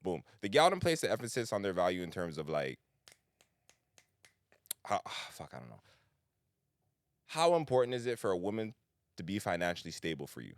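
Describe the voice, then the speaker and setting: A man with a Toronto accent hosting a casual podcast chat, animated and slangy, swearing freely. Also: sits low, brisk, pauses often, dry recording, clean studio sound. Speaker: podcast host.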